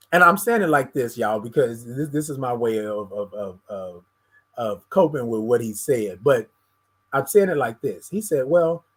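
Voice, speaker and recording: Husky host talking straight to listeners. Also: mid-range voice, a bit bright. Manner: speaks straight to listeners, calling them y'all, with many stuttered repeats. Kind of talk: candid personal monologue.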